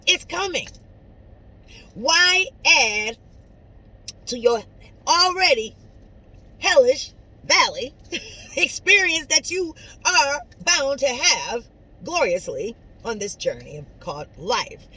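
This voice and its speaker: A woman speaks straight to her listeners in an inspirational pep talk. She talks in a preachy, conversational way, dropping into quiet asides and then rising into loud, emphatic lines. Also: sits high, lively intonation, slow, long pauses, low-quality recording. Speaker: motivational speaker. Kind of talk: inspirational monologue to camera.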